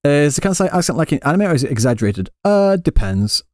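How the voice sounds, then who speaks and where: A man's voice: fairly high pitch, very animated, quick pace, a little mellow, no echo, studio quality. A male streamer living in Japan answering live chat questions in a casual, rambling way with many restarts. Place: Japan, Kansai area.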